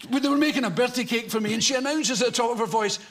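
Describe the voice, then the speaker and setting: A man's voice: very high voice, rapid-fire. An older man with a Scottish accent, a chat show guest telling comic stories in a rambling, wry way, heard on a noisy television broadcast. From Scotland. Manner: rambling, wry, breaks into laughter. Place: television studio.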